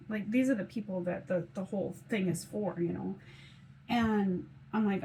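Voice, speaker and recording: A woman's voice: medium pitch, steady tone, moderate pace, darkish tone, slight background noise, rough recording. Chatty woman, mid-range voice, storytelling vlog, rambling and quoting herself. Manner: rambling retelling, lots of "I was like". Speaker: mom vlogger. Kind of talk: casual storytelling.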